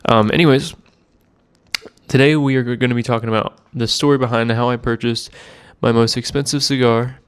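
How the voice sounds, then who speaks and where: Laid-back young man, smooth clear voice. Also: mid-range voice, steady tone, brisk. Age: 20s. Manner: rambling, laid-back, self-deprecating storytelling. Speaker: cigar vlogger. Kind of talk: casual chat to camera.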